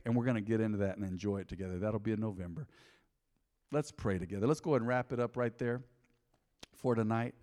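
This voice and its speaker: A middle-aged man preaching a sermon in a church, telling candid stories from his own life and building to a loud, fervent prayer. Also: mid-range voice. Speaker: pastor. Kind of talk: sermon with personal testimony. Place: church sanctuary. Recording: long church hall reverb.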